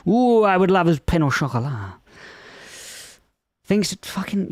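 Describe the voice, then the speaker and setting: Streamer, swears at an AI while coding live, lively pitch, dry close sound. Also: unhurried, long pauses, no room sound. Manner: swears a lot at an AI chatbot, mutters and reads aloud; swings between low muttering and loud outbursts.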